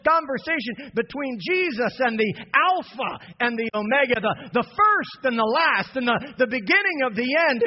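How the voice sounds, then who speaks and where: A man preaching an impassioned sermon to his church, building from soft passages to shouted peaks. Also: extremely high pitch, a little hiss or hum. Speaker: pastor. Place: church sanctuary. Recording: dull lo-fi sound with long hall reverb.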